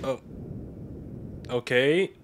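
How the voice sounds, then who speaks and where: A man live streaming a video game, chatting casually and reacting loudly with sudden high exclamations. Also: drawn-out words, a little hiss or hum. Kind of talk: casual gaming commentary. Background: game music.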